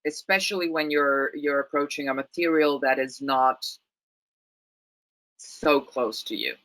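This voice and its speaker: Italian actress being interviewed, bright clear voice, keeps restarting her sentences. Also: extremely low pitch, measured pace, poor audio. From Italy. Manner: thoughtful, many restarts and repeated words. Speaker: guest actress. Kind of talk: casual interview chat.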